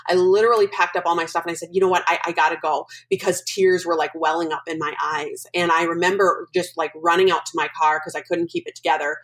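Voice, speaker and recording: A woman guest on a podcast, telling a personal story in an animated, emotional way. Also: on the low side, fast talker, hardly any pauses, rough recording. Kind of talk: casual storytelling interview.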